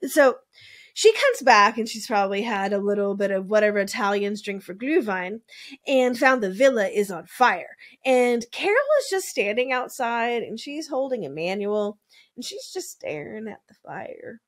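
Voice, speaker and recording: A woman's voice: mid-range voice, expressive, moderate pace. A woman host telling a true-crime story in a casual, chatty way, full of "like" and wry asides, now and then swearing. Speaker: podcast host.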